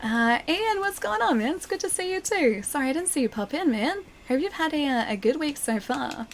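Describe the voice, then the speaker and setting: A woman streaming a video game, chatting casually and thanking viewers, her voice hoarse as it recovers. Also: high voice, fairly quick, slight background noise. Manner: chatty, thanks viewers, reacts excitedly to the fight. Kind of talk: casual live-stream chat while playing.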